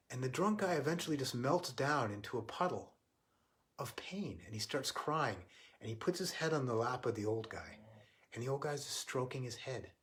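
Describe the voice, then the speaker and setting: A man giving a livestreamed spiritual talk, earnest and halting, often restarting his sentences. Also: mid-range voice, fairly bright tone. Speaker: spiritual teacher.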